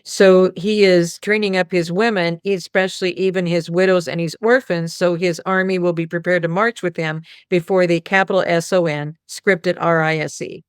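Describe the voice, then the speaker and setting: A woman's voice: lowish voice, level tone, normal speed, few pauses, clear, resonant tone, no room sound, studio quality. A woman hosting a casual spiritual talk, telling a rambling story and quoting others. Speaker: host.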